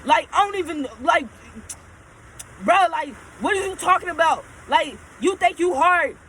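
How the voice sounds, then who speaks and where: A woman's voice: extremely high pitch, lively intonation, unhurried, fairly bright tone, a little hiss or hum, voice pushed up, heavily acted. A woman quoting an angry young male coworker in a hostile, dismissive way.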